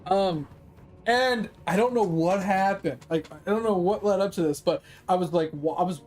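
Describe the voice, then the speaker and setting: A man's voice: high voice, moderate pace, a little mellow, faint music behind. Laid-back man rambling gaming stories. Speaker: game streamer. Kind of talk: casual storytelling while gaming.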